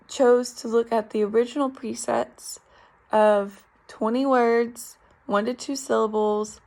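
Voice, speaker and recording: A young woman talks through a class assignment in a relaxed, explanatory way. Her voice sits a little high and carries a gravelly fry. She fills pauses with frequent ums. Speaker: speech therapy student. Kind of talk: recorded class presentation.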